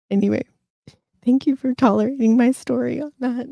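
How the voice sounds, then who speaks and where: A woman's voice: a little high, steady tone, fairly quick, creaky, dark tone, no room sound, dull audio. A woman in her fifties hosting a casual live chat, telling rambling stories in a frank, self-mocking way. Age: 50s. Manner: rambling storyteller, frank, swears, laughs at herself. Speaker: host.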